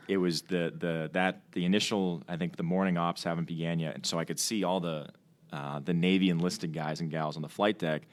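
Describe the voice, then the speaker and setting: Low-voiced fast-talking man with restarts. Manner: rambling with frequent restarts and fillers. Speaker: Navy fighter pilot and training officer. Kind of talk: casual conversational storytelling. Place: podcast studio.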